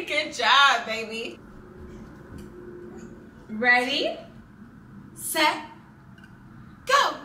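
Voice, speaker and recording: High, lively young mom on vlog. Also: female voice, very slow, pauses often, slight background noise. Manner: sing-song baby talk, playful and animated. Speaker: vlogger and mom. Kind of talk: casual vlog and talking to her toddler. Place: home, indoors. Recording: roomy, slightly distant home camera audio.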